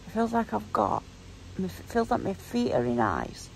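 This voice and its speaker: A woman in her forties chats to her vlog audience in a croaky, gravelly voice, her throat sore and her tone tearful. She rambles along with plenty of fillers, and a faint hiss of noise sits behind her. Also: medium pitch, sing-song, a little slow, low-quality recording. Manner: rambling, chatty, filler-heavy. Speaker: vlogger. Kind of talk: casual vlog chat.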